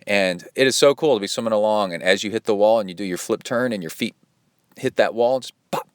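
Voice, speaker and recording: A man's voice: on the low side, a little fast, smooth, dry recording, studio quality. A man hosting a podcast as a triathlon coach, talking in a rambling, chatty way with plenty of fillers and asides. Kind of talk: casual solo podcast talk.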